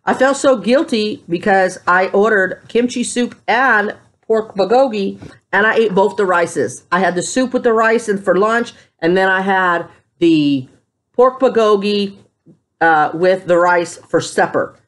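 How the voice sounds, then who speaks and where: A woman's voice: medium pitch, measured pace. Chatty woman telling stories. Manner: chatty, rambling storyteller. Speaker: vlogger. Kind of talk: casual chat to camera.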